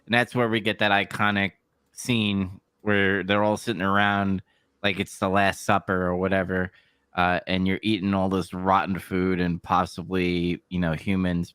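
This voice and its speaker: A man's voice: low voice, fairly bright tone, clear, resonant tone, no room sound, clean studio sound. A man co-hosting a casual podcast chat about a horror game, laid-back and chuckling often. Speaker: podcast co-host.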